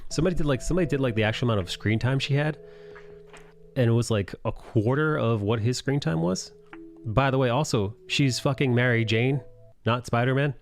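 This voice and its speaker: A man's voice: mid-range voice, brisk, faint music behind. A man hosting a live drawing stream, chatting casually and ranting with a lot of swearing and disbelief. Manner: profane, ranting, incredulous.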